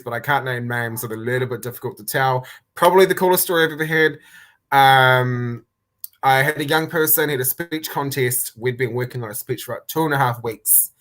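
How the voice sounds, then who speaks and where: Young NZ-man, guest on a video call, lively storyteller who acts out the quotes. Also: medium pitch. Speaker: guest, youth worker. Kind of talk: casual chat. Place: indoors, a room.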